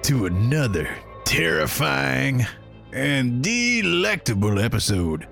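A man's voice: mid-range voice, big pitch swings, a bit bright, exaggerated voice. A man voicing a gleefully menacing ghoulish horror announcer, drawn out and theatrical, over a music bed. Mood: menacing glee. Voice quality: gravelly, drawn-out theatrical delivery. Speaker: show announcer. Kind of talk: spooky horror intro announcing.

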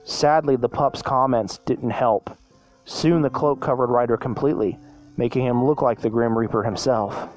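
A man at a middle pitch reading a spooky children's story aloud. He often stumbles and restarts words mid-line, giving it a homemade read-aloud feel. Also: moderate pace, a little mellow, soft background music. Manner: reads with frequent restarts. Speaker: storyteller, podcast host.

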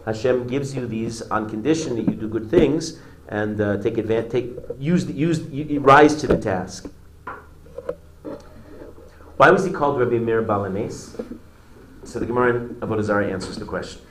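A man teaching a religious class, retelling a story in a halting way with many restarts. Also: mid-range voice, echoey room, background noise.

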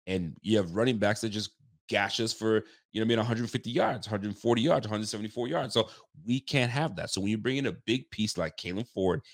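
A man's voice: lowish voice, no echo, studio quality. A man hosting a casual live-stream football talk show, chatty and repeating phrases for emphasis. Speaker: sports talk show host.

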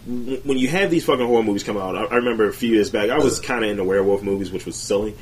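A man's voice: lowish voice, rapid-fire, slight background noise. A man co-hosting a casual podcast, talking in a profane, rambling way. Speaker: podcast co-host. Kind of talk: casual crude chat.

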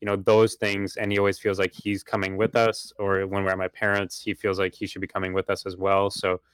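A man hosting a casual podcast interview, with a low and notably flat voice that stays smooth and clear. He rambles thoughtfully and keeps the conversation going with short agreeing replies. The sound is close and dry, with no room around it. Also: fairly quick, no echo. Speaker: podcast host and dog owner.

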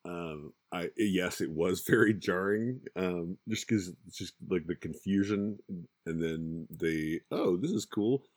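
A man co-hosting a podcast in casual chat, halting and repeating words as he reads out listener comments. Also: sits low, no room sound, studio quality. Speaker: podcast co-host.

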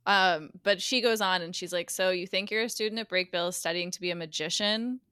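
Bright animated woman recapping a show. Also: lowish voice, clear, resonant tone, no room sound, studio quality. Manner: animated storyteller, acts out lines with quick voice shifts. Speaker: guest co-host recapping a TV episode. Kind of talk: casual podcast chat.

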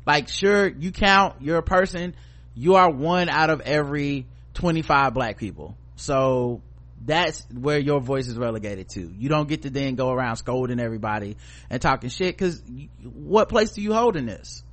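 A man's voice: mid-range voice, lively intonation, normal speed, a bit bright. A man co-hosting a podcast in casual chat, giving blunt, profane, opinionated commentary. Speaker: podcast co-host.

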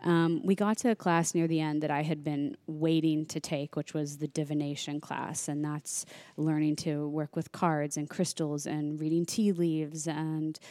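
A woman on a podcast tells a story casually and with lively energy, often slipping into the voices of the people involved. Her voice sits low. The recording is dry and close. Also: measured pace, few pauses, no room sound. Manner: animated, acts out quoted dialogue. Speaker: podcast guest.

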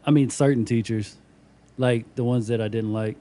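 A man's voice: mid-range voice, fairly even intonation, moderate pace, dark tone. Mumbling profane guest man. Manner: loose, profane, mumbling storytelling. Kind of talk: casual chat.

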